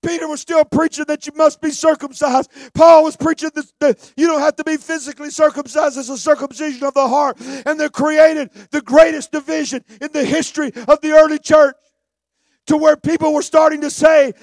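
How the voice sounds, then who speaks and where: A man preaching a sermon, shouting fervently at times and dropping to hushed storytelling. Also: extremely high pitch, flat delivery, brisk, no echo.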